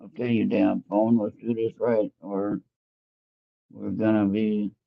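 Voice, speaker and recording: Gravelly low man on a tinny line. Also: flat delivery, takes it slowly, dry recording. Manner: rambling, talks to himself while fumbling with his phone. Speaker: tarot reader hosting an internet radio show. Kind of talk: casual live spiritual reading and chat.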